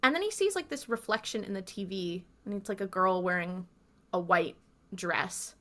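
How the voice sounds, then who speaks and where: A woman's voice: medium pitch, lively intonation, normal speed, a bit bright. A woman co-hosting a podcast, retelling scenes in casual chat and acting out the quotes. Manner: chatty storyteller, acts out quotes. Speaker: podcast co-host.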